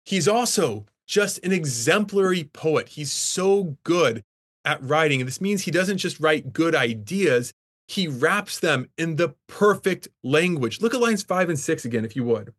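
A man's voice: a little high, expressive, unhurried, a bit bright, husky. Enthusiastic male English professor lecturing. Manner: enthusiastic, emphatic about the poetry. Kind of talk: classroom lecture.

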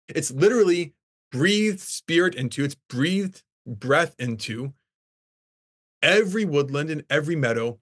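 Male English professor with a slightly high voice, enthusiastic classroom lecturer. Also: expressive, a little slow, fairly bright tone, breathy edge. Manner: enthusiastic, emphatic about the poetry.

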